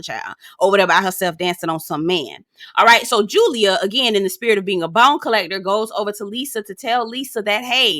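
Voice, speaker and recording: A woman's voice: fairly high pitch, bright, forceful tone, no echo, studio quality. A woman giving a blunt, sassy, profanity-laced recap of a reality TV episode. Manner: sassy, blunt, swears freely, acts out quotes. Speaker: reality TV reviewer. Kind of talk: casual recap commentary.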